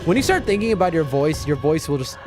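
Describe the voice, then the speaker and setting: This man is live-streaming a game, chatting away, reacting to the gameplay and reading his chat out loud. His fairly high voice is sing-song and quick, and loud game music plays in the background.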